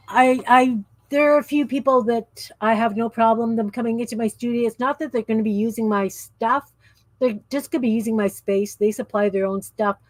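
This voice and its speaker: A woman's voice: medium pitch, no echo. A woman in her fifties hosting a craft livestream, chatting casually in a rambling, easily sidetracked way. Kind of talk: casual chat while crafting.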